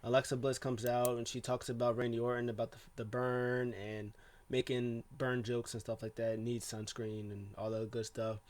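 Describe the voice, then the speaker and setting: A man's voice: mid-range voice, level tone, moderate pace, darkish tone. Rambling man recapping wrestling. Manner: rambling, heavy with fillers and restarts. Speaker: wrestling show reviewer. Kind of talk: casual recap talk.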